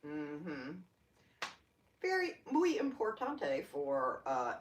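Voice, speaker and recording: Older Southern woman leading gentle yoga. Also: sits low, wildly swooping pitch, drawn-out words, a little hiss or hum. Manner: folksy, chatty, playful asides. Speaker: yoga instructor. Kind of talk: guided yoga class. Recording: roomy, from a distance off-mic.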